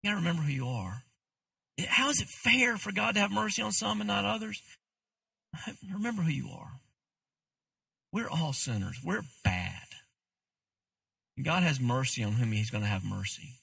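A man's voice: on the high side, big pitch swings, normal speed, vocal fry, long pauses, pushed and bright, breathy edge. A man, a pastor, preaching a sermon in a candid, conversational way with self-deprecating asides.

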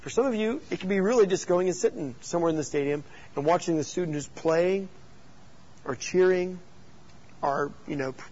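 Man, youth pastor, teaching talk, animated storyteller, higher voice, dull recording. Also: slightly rough. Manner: storytelling, animated and jokey, with rhetorical questions.

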